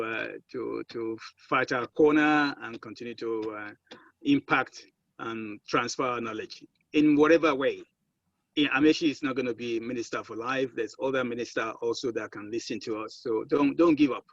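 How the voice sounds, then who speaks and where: A man moderating a webinar on a video call, halting and repeating words as he searches for them. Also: medium pitch, fairly even intonation, no echo. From Nigeria. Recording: dull, dry video-call audio.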